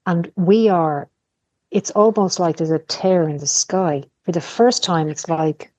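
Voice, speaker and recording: A woman's voice: fairly low pitch, unhurried, a little mellow, no room sound. A middle-aged woman, a podcast guest, talking candidly in casual conversation, telling personal stories and swearing freely. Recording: dull lo-fi podcast audio.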